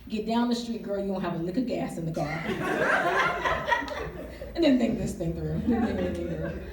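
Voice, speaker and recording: Recorded very noisily on a distant mic in an echoey hall, a woman with a mid-range voice speaks very animatedly and a bit slowly. An author and speaker, she tells a frank, funny story to a book-event crowd, testifying and asking for their responses.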